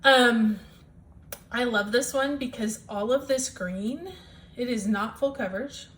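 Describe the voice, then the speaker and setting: A woman from the US Midwest, her voice on the high side, fairly bright, and a little slow, chats enthusiastically at home about her cross-stitch projects. It's a casual show-and-tell vlog, peppered with lots of ums.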